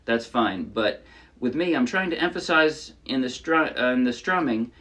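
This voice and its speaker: A man teaching a song on ukulele in a relaxed, casual way, often correcting himself as he explains. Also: medium pitch, normal speed. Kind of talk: casual instructional talk. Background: his own ukulele playing.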